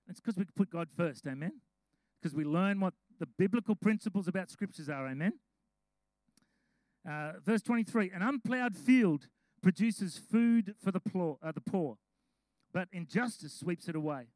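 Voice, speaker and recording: Male pastor, high-pitched, relaxed sermon storyteller, dry recording. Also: dry recording, poor audio. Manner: chatty storytelling with laughs; reads scripture slowly.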